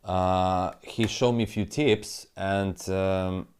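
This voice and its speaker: A man's voice: low voice, steady tone, slow pace, smooth. A man talking casually through crypto charts as a trading analyst, rambling and muttering to himself in non-native English, with the odd swear.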